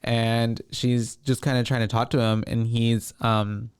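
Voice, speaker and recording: Smooth-voiced man recapping a film casually. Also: mid-range voice, unhurried, no echo, studio quality. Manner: relaxed, rambling, many fillers. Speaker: podcast co-host.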